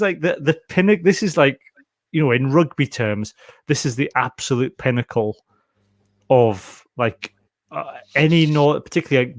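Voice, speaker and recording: A man hosting a rugby podcast in casual, animated chat, often acting out quotes. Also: mid-range voice, no room sound, studio quality. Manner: chatty, animated, quotes others in little voices. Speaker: podcast host.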